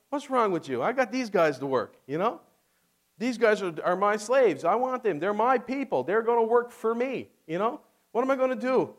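A preacher putting on a sassy stubborn Pharaoh. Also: male voice, very high voice. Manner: mocking, incredulous street-talk. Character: sassy, stubborn male Pharaoh, bossy king.

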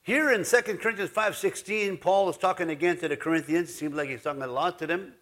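A man's voice: high-pitched, quick pace, fairly bright tone. A man pastor giving a folksy, rambling sermon in his church, full of asides. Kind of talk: conversational sermon.

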